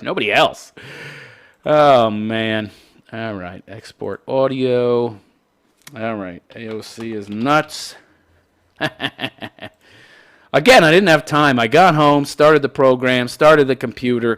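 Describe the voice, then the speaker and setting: A man's voice: medium pitch, a bit bright. A man hosting a live online show, ranting in casual, sarcastic and profane commentary.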